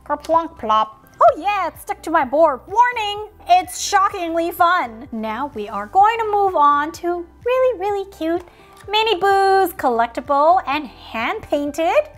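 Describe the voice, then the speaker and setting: A woman's voice: very high-pitched, very animated, measured pace, a bit bright, faint music behind. A woman hosting a toy unboxing video, narrating in a silly, playful way and making sound effects.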